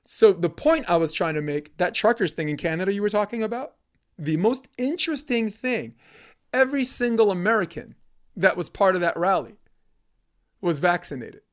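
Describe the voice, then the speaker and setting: A Brooklyn, New York man with a high-pitched voice and lively intonation rants at a normal speed as a podcast guest. He's heated, profane, and emphatic, repeating phrases to hammer his points home.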